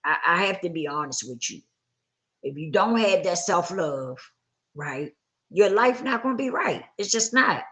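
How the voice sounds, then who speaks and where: A woman's voice: on the low side, expressive, a little slow, fairly bright tone. A woman hosting a live talk, giving an earnest motivational talk to her audience. She repeats her points for emphasis and keeps checking in with her listeners. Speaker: livestream host.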